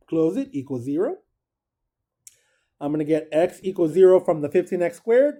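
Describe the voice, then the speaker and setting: Guy teaching calc, kinda high voice but mellow tone, keeps asking "cool or not cool". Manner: chatty, checks in with students. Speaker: math teacher. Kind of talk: recorded classroom lecture.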